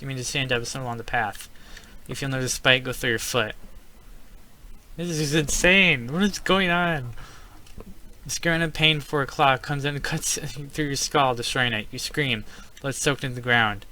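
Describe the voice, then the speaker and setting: Man, casual gamer type, bright and sharp voice, reads game text aloud and reacts with excited yelps. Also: mid-range voice, moderate pace, slight background noise. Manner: reads story text aloud, then breaks into startled exclamations. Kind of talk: casual let's-play narration.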